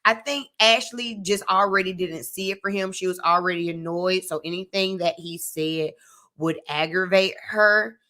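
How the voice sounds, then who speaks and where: A woman's voice: on the low side, moderate pace, pushed and bright. A young woman casually recapping a reality TV episode, talking straight to her viewers in a chatty, opinionated way. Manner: chatty, addresses viewers directly, frequent "like" and "you know what I'm saying".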